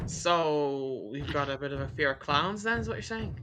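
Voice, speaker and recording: Woman, lowish voice, casual race commentary, playful deadpan humor, music behind. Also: moderate pace.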